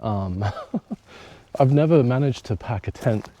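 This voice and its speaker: Aussie bloke talking to his camera out in the bush, mellow low-key voice, jokes around and swears a bit. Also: animated, slow pace. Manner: chatty, joking, swears casually. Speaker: hiking vlogger. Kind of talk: casual solo vlog to camera. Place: outdoors in bush at a campsite.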